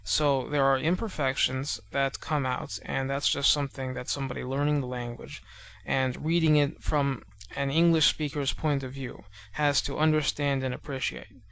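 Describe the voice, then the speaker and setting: A man narrating a beginner language lesson over slides, explaining patiently and slowing down to sound out example words. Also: mid-range voice, little pitch movement, gravelly, a bit bright. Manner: measured and explanatory, spells out sounds slowly.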